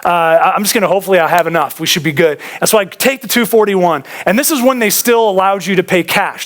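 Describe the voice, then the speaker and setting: His voice sits high with a fairly bright tone. Speaking as the church's pastor, he delivers a sermon in a relaxed way, telling stories and addressing everyone as "guys."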